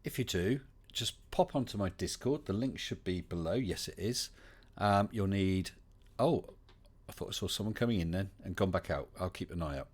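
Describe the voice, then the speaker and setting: A man's voice: low voice, animated, normal speed, husky. A man with an English West Country accent hosting a casual livestream chat, chatty and welcoming, with many fillers. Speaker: livestream host.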